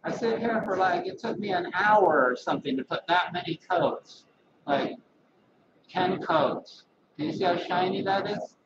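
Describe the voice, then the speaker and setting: A man's voice: sits high, unhurried. A man who works as a massage therapist, talking casually and rambling to his webcam at home. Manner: rambling, animated, folksy asides. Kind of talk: casual vlog talk to camera. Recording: echoey lo-fi webcam audio from a distance with loud background noise.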